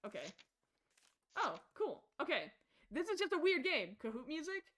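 A woman streaming a game live, excitable and chatting to her viewers as she plays. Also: high voice, measured pace. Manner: excitable, gasps and squeals at the game. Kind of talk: live gameplay commentary. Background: faint game music.

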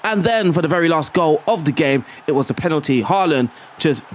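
A man's voice: fairly high pitch, fairly quick, few pauses. Male gaming creator, upbeat tactics walkthrough and play-by-play, light music bed. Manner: chatty, excitable, laughs at himself. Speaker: gaming YouTuber. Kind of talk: video game tactics walkthrough and commentary.

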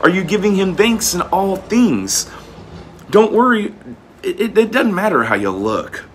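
A man's voice: high voice, big pitch swings, measured pace, a little hiss or hum. A man preaching casually, reading old-fashioned scripture and then explaining it in plain, folksy talk, often repeating words as he goes. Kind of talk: informal scripture teaching.

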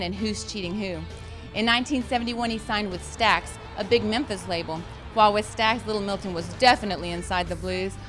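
A woman host giving a scripted narration of a musician's life in a plain, informative delivery. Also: medium pitch. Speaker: show host narrating an artist biography. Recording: voice-over with clear music bed.

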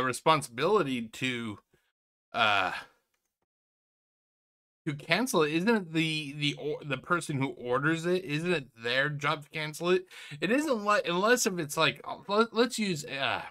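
Incredulous man with a lively, bright voice. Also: on the high side. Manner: incredulous, sarcastic, swears a lot, many restarts. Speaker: reaction video host. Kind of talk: mocking commentary on a clip.

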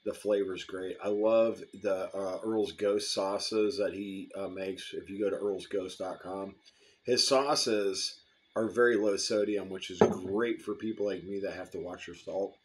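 A man's voice: low voice, unhurried. A man casually reviewing hot sauce, rambling between bites and sips. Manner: relaxed, rambling, eating and sipping while talking.

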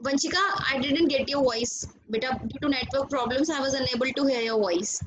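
A woman's voice: high voice, brisk, background noise. A woman with an Indian English accent teaching a class over a video call, patiently calling on students by name and praising them. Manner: patient, repeats names and questions, praises students. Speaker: school teacher.

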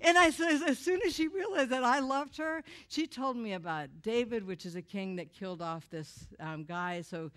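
A woman's voice: fairly high pitch, moderate pace, hardly any pauses, fairly bright tone. Candid woman sharing a testimony. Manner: candid and emotional, with wry humor. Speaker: speaker giving a testimony. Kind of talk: personal testimony to a church audience.

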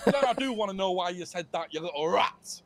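A man's voice: high voice, animated, a little fast, slight background noise. A man voicing a hot-headed young male crew boss in a game role-play, ranting and swearing. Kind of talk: GTA role-play voice chat.

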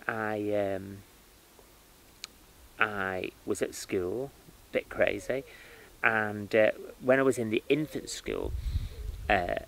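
A man who works as a spiritual medium, telling his life story in an interview with lively starts and restarts. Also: fairly low pitch, slow pace, creaky, long pauses, rough recording. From United Kingdom. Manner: animated storytelling with many restarts and fillers.

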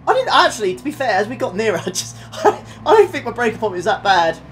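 Excitable man streaming a race. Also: sits high, quick pace, slight background noise. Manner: excitable, laughing, apologetic, talks to chat. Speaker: game streamer. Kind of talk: live racing game commentary. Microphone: desktop USB condenser mic.

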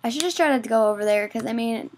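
A woman giving casual gameplay commentary, excitable and quick to exclaim, often mocking herself. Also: on the high side, slight background noise. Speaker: gaming video creator.

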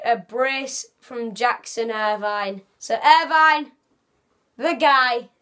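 A woman's voice: a little high, fairly bright tone. A woman giving a casual, rambling football match reaction as a fan vlogger, often correcting herself.

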